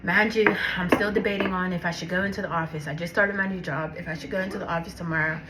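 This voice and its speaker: A woman's voice: fairly low pitch, fairly even intonation, quick pace, heavy background noise. A young woman with a sore throat telling a casual storytime vlog, chatty and talking straight to her viewers. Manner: chatty, addresses viewers as y'all. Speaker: vlogger.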